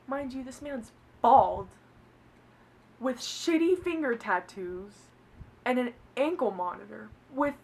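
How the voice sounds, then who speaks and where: Young woman rambling thru a crazy storytime, kinda high voice, swears a lot, a little hiss in the background. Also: expressive, measured pace, creaky, darkish tone, rough recording. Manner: chatty, swears a lot, laughs through the story. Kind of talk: casual storytime.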